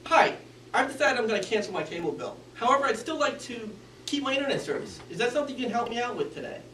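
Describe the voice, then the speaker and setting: A man playing a hurried, mumbling caller who speaks in a monotone, in an echoey room. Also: sits high, slight background noise, lightly acted. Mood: rushed. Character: rushed mumbling man calling his cable company. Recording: echoey room, mic from a distance.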